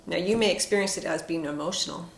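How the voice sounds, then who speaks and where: A woman giving a casual, reflective spoken tarot reading with frequent fillers and soft asides. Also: lowish voice, fast talker, gravelly. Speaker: tarot card reader. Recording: echoey room with faint noise.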